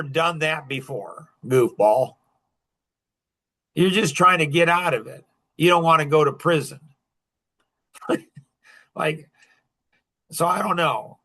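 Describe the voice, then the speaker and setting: Blunt, high-voiced man lecturing. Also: measured pace, pauses often, bright, forceful tone. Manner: blunt, emphatic, scolding. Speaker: coach. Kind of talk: lecturing a group.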